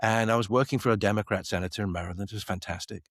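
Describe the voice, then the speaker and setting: A middle-aged space company CEO from the Isle of Man, appearing as a podcast guest, speaks in a husky, fairly low voice at a rapid-fire clip, animatedly telling stories and acting out quoted dialogue. The sound is studio quality, with no room noise.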